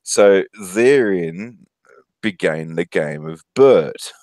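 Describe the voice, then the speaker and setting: A man's voice: low voice, expressive, drawn-out words, a little mellow, no echo. A man in his thirties with an Australian accent, telling profane, laughing stories on a casual stream. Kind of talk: casual storytelling.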